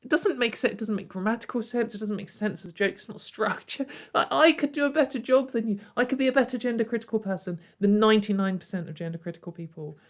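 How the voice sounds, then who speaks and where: A woman's voice: a little high, quick pace, few pauses. Sarcastic woman ranting. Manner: sarcastic, exasperated, laughs often. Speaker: online commentator. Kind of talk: ranting commentary video.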